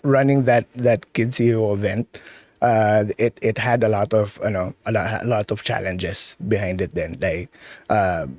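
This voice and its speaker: Earnest Filipino man, low dry voice. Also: steady tone, a little mellow, no echo. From Philippines. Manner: earnest, halting, repeats words, mixes in Tagalog. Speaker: podcast guest, founder. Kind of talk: casual interview chat.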